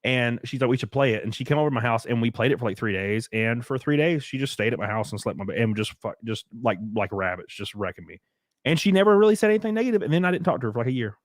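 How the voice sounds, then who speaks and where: A man's voice: mid-range voice, expressive, very fast, no room sound, clean studio sound. A man in his twenties hosting a live stream, telling a crude story in a rambling way with many fillers and restarts. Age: 20s. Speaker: stream host.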